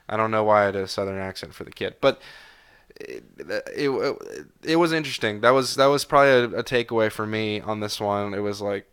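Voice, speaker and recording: Bright, clear-voiced rambling podcast man. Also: fairly low pitch, animated, fairly quick. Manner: rambling, frequent fillers and self-corrections. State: tired. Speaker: podcast host. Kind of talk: casual solo review chat.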